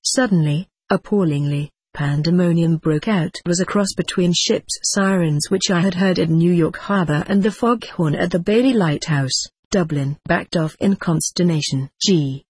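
An audiobook reader narrating a novel in a steady, even voice. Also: medium pitch, normal speed, hardly any pauses, husky, no echo.

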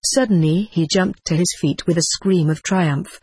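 Wry, husky storybook narrator. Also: mid-range voice, moderate pace, a little mellow, no echo. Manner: wry, dry-humored telling.

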